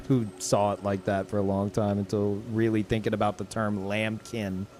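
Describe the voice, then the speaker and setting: A man streaming a video game, chatting casually, rambling and searching for words with swearing and quick laughs. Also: lowish voice, little pitch movement, darkish tone, soft background music. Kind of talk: casual chat while gaming.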